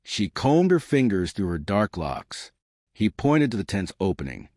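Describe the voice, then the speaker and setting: A man narrating a horror story in a measured storytelling manner. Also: fairly low pitch, big pitch swings, a little mellow, no echo, clean studio sound.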